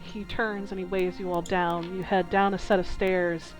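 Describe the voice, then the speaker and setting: A woman narrating a tabletop game as dungeon master, describing scenes slowly with small hesitations. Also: lowish voice, flat delivery, faint music behind, poor audio.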